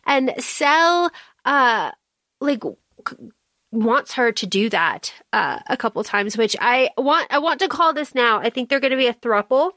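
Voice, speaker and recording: A woman's voice: high voice, very animated, unhurried, pushed and bright, no room sound, clean studio sound. A woman co-hosting a podcast, chatting casually about a book, laughing and acting out quoted lines. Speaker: podcast co-host.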